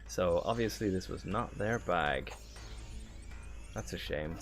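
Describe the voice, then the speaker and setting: A man streaming a game, chatting casually in a relaxed, halting way with many fillers. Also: low voice, soft background music. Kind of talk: casual gameplay chat.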